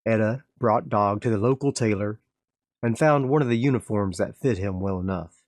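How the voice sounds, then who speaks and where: A man's voice: fairly low pitch, normal speed, no echo, clean studio sound. A man playing a solo tabletop game, calling out his dice rolls step by step and narrating the story. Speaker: game master and solo player.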